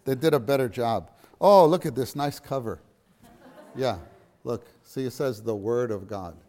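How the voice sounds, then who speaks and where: A man's voice: medium pitch, unhurried, a little mellow. Earnest middle-aged man teaching a church lesson. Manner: earnest, repeats phrases for emphasis. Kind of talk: church teaching talk to a gathering.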